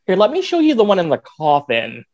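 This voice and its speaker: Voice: medium pitch, wildly swooping pitch, a little fast, darkish tone, dull audio. A guest in a casual chat who rambles, packing the talk with "like" and acted-out quotes.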